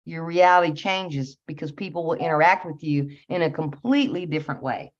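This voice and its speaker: A woman giving a casual spiritual talk, earnest and meandering, with soft laughs and many fillers. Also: deep voice, fairly quick. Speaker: spiritual channel host. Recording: slightly dull lo-fi audio.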